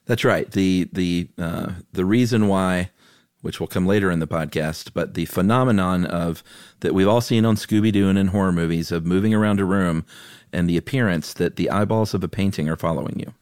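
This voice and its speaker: A man's voice: sits low, a little fast, darkish tone, clear, resonant tone, no room sound, studio quality. A man co-hosting a podcast, chatting in a laid-back, folksy way while explaining ideas. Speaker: podcast co-host. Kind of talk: casual explanatory chat.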